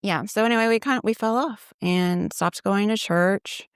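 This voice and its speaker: A woman's voice: medium pitch, moderate pace, clean tone, no echo, studio quality. A woman, a church ministry assistant, telling her faith story in a casual interview and quoting her own past thoughts as she goes. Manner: conversational, retelling with quoted inner thoughts.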